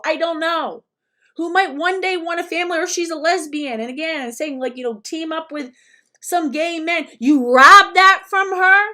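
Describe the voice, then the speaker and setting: Woman with a very high voice, an angry profane direct-address rant full of stumbles and restarts. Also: sharp tone.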